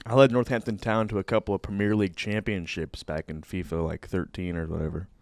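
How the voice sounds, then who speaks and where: A young man cohosts a casual sports talk show with a fairly low voice. He speaks in an easygoing, offhand way. The sound is dry and close, with no room around it. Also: little pitch movement, a little fast, a little mellow, no room sound. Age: young adult.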